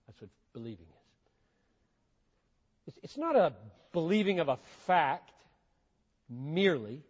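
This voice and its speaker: High-voiced preacher in a reverberant hall. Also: male voice, sing-song, unhurried, husky. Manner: earnest, swings from hushed to emphatic. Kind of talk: sermon.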